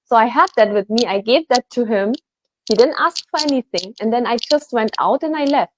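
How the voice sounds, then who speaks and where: A woman guest, a healer, telling a personal story in a chatty, animated way, full of fillers. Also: on the high side, a little fast, slight background noise. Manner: animated, chatty, many fillers like "like" and "you know". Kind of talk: casual storytelling.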